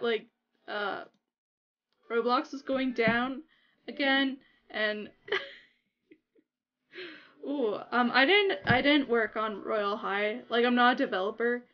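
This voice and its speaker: A young woman chatting casually to her viewers while playing a game on a livestream, giggly and excitable. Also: a little high, highs cut off. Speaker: gaming livestreamer. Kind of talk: casual livestream chat over gameplay.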